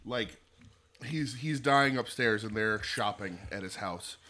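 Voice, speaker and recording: A man's voice: fairly low pitch, unhurried, pushed and bright. A man co-hosting a casual podcast chat, eating hot wings and sweating from the hot sauce while rambling through an episode recap. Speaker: podcast co-host.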